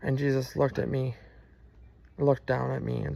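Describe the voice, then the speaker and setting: A man with a gravelly, creaky voice tells his personal testimony in an earnest, halting way. His pitch stays flat and even as he stops and restarts his sentences, with frequent fillers. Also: dry recording. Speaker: person sharing a religious testimony.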